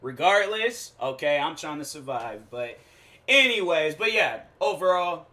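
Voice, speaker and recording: A man hosting his own show, telling a rambling, animated comic story in slangy, casual talk with frequent restarts. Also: on the high side, measured pace. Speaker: show host. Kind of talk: casual comedic monologue.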